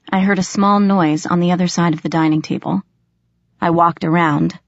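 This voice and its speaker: A woman narrates a first-person audiobook, with measured and tense delivery. Her voice sits a little low, and the recording sounds dull and dry, with no room around it. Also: no room sound.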